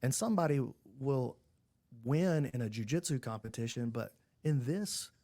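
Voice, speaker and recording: Gravelly guy guesting on a podcast, earnest and fired up, dry close mic. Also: mid-range voice, expressive, normal speed, warm tone, no echo. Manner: earnest, fired up about the sport. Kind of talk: casual chat.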